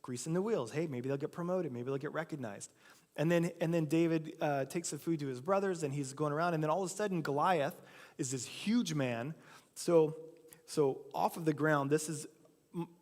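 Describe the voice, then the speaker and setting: A man's voice: a little high, normal speed, darkish tone. A man preaching a sermon, telling a story casually and acting out the quotes himself. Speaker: pastor. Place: church sanctuary. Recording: long church hall reverb.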